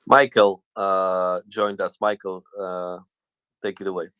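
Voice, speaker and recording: A man with a fairly low voice co-hosts a casual live audio chat. He stops and restarts often and searches for words as he works through his thoughts. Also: level tone, clean tone, lo-fi sound. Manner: halting, searching for words, thinking aloud. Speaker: co-host.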